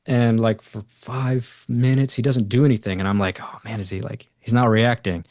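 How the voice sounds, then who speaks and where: A man's voice: mid-range voice, moderate pace, no room sound, studio quality. A man, a podcast guest, telling a personal story in casual conversation, acting out the other people's lines and using lots of fillers. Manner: animated retelling with quoted voices and many fillers.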